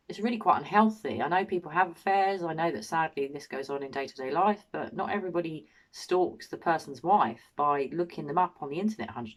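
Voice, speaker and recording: An English woman giving opinionated true crime commentary, indignant and full of rhetorical questions. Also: deep voice. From England. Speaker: true crime channel host.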